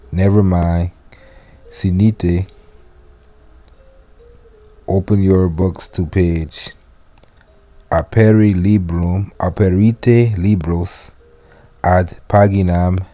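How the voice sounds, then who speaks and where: A man teaching spoken classroom phrases, giving each in English and then repeating it slowly and deliberately. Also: low voice, steady tone, dark tone. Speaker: Latin teacher. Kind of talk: slow classroom phrase lesson.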